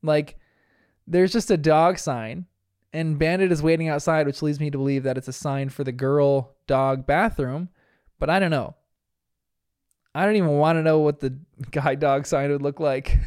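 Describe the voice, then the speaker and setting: A man's voice: a little high, fairly even intonation, moderate pace, long pauses, darkish tone, clean tone, no room sound, studio quality. A young man from New Jersey hosting a casual cartoon review, chatty and laughing often at his own asides. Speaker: podcast host reviewing a cartoon. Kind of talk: casual episode commentary.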